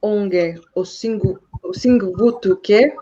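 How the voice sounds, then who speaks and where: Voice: medium pitch, takes it slowly, mellow, husky, muffled recording. A student in an online language lesson reading practice phrases aloud, a little tentative.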